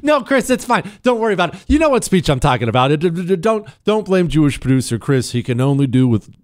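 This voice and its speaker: A male talk radio host with a fairly high, very animated voice that swings up and down as he talks. He is sarcastic and combative, hammering points through repetition. The sound is close and dry in a studio. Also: fast talker, no echo. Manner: sarcastic, emphatic, repeats words for effect. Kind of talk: combative political commentary.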